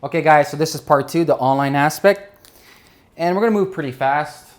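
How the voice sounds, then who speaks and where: A man giving an energetic business lesson while drawing on a board, often checking in with his listeners. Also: fairly high pitch, brisk. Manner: energetic, keeps checking in with "right?" and "okay?". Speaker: business instructor.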